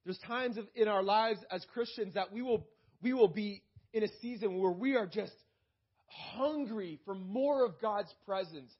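A man with a high voice preaches in church, calling out to the congregation now and then. He slows down when he reads scripture aloud. The recording sounds dull and muffled, like a lo-fi church recording. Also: husky. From Canada. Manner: preaching with call-outs to the congregation. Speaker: pastor. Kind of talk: sermon.

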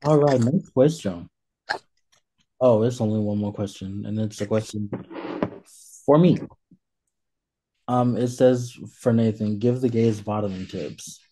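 Low, mellow-voiced man chatting casually. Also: measured pace, pauses often, slight background noise. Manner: relaxed, hesitant with many fillers. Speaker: podcast co-host. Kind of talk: casual chat.

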